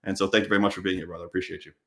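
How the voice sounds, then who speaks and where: A man's voice: sits low, very fast, vocal fry, roomy sound. A man hosting a podcast in casual chat, telling stories animatedly and acting out what people said. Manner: animated storytelling, acts out quotes. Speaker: podcast host.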